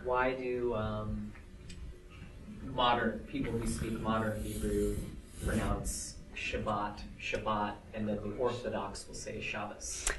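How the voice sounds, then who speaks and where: A man's voice: lowish voice, completely flat delivery, takes it slowly. A man in class asking the teacher questions, hesitant and restarting his words. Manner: hesitant, repeats words as he starts. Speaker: student. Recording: roomy, far from the mic.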